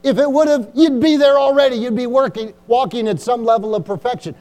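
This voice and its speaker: A middle-aged man with a high voice preaches to his church congregation. His tone is mellow and dark rather than bright. He exhorts, repeats key lines and keeps checking in with calls for agreement. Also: lively intonation, fairly quick, hardly any pauses. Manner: repetitive, exhorting, frequent "Amen?" and "Come on". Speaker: pastor. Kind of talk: sermon.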